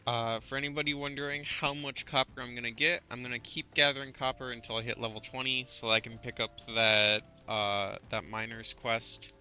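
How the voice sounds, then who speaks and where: A man's voice: medium pitch, steady tone, moderate pace, hardly any pauses, sharp tone, faint music behind. A man streaming a game, chatting casually and explaining details in a pedantic, pun-loving way. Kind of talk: casual gameplay commentary.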